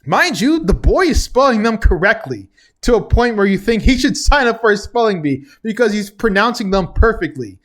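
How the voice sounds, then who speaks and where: A man's voice: high-pitched, big pitch swings, moderate pace, a bit bright. A young man casually recapping a TV episode, chatty and chuckling often between remarks. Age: young adult. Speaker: TV recap vlogger.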